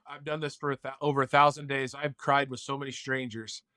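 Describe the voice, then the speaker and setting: A man's voice: mid-range voice, flat delivery, a little fast, sharp tone, smooth, no echo, studio quality. A man as a podcast guest, telling a personal story in an earnest, heartfelt way and acting out bits of dialogue. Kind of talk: casual interview storytelling.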